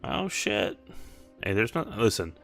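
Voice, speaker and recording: A man hangs out in voice chat during a friend's game stream. He speaks slowly in a lowish voice. His talk is easygoing and loose, with casual cursing. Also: big pitch swings, a bit bright, faint music behind. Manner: laid-back, profane.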